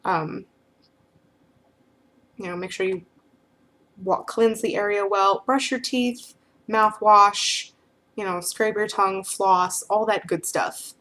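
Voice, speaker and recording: Woman vlogger, mid-pitched, frank and chatty, lots of filler phrases, casual Q&A. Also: fairly even intonation, slow, pauses often, fairly bright tone. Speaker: vlogger answering questions. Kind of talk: casual talk to camera.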